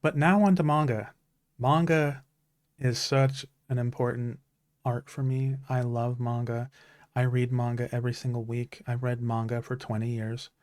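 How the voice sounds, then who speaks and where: A man's voice: medium pitch, flat delivery, moderate pace, darkish tone, dry recording. A man in his thirties, a streamer, talking in an earnest, heartfelt way about stories that matter to him, with many restarts. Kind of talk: casual chat.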